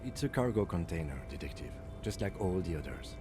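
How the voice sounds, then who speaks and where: A dry, deep-voiced police lieutenant. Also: male voice, a little fast. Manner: calm, dry, matter-of-fact. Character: reserved, precise male police lieutenant. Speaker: game character. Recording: game audio with music underneath.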